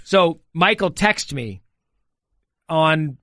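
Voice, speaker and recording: A woman's voice: low voice, expressive, drawn-out words, fairly bright tone, no echo. A woman co-hosting a podcast in a studio, chatting casually and laughing as she tells a story. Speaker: podcast co-host. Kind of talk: casual chat. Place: radio studio.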